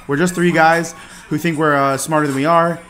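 A man's voice: on the high side, level tone, fairly quick, a bit bright. A man hosting a podcast, reading a jokey mock radio introduction in announcer style. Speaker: podcast host.

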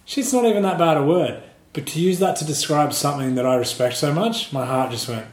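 A man's voice: a little high, lively intonation. Earnest man teaching in a roomy space. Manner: earnest, measured, explanatory. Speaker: martial arts and Qigong teacher. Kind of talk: reflective group discussion.

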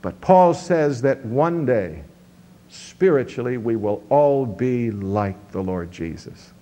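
A man's voice: mid-range voice, animated, slow, mellow. A man pastor preaching a sermon, teaching verse by verse with sweeping rises and drops in his voice. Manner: teaching, walking through scripture verse by verse.

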